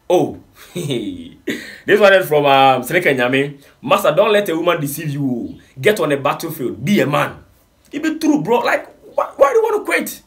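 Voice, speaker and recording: A man with a Ghanaian accent mixing Pidgin, hosting a casual entertainment reaction video, reading out comments and pleading with lively swings in his voice. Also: mid-range voice. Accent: Ghanaian English with Pidgin. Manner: animated, reads comments aloud, pleading.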